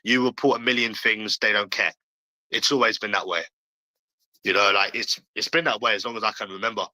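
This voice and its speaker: A man's voice: lowish voice, steady tone, brisk, bright, forceful tone, no room sound, poor audio. A man ranting on a livestream, talking bluntly and profanely and repeating himself, while addressing viewers in chat. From London, England.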